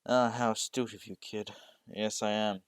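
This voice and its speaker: A man's voice: fairly low pitch, level tone, moderate pace, clear, resonant tone, no room sound, lightly acted. A man voicing a tired, strict adult teacher who talks bluntly to his students. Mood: stern.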